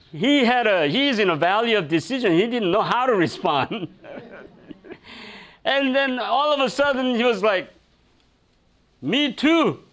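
A man's voice: high-pitched, fairly bright tone. A man preaching a sermon, telling a personal story with many fillers, restarts and laughs. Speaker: pastor.

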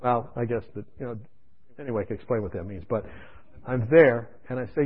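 A man preacher telling his own testimony in a sermon, dramatic and shifting from loud to hushed, in a dull lo-fi radio recording. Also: medium pitch, fairly quick, breathy edge. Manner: dramatic storytelling, swinging between loud and hushed.

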